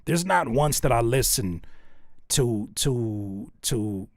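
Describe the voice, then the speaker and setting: A man hosting a music feedback show, breaking down rhythm and delivery in a coaching way. He thinks aloud and hunts for the right word mid-sentence. His voice sits at an ordinary pitch and sounds dry, with no room echo. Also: expressive, takes it slowly. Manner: thinks aloud, searching for words and restarting; analytical, coaching tone. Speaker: music reviewer. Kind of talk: casual spoken feedback.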